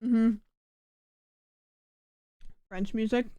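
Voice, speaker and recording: A young adult woman with a hoarse, put-on smoker voice, chatting playfully and rambling through jokes on a live stream. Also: a little high, fairly even intonation, extremely slow, mellow, no room sound. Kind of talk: casual live-stream chat.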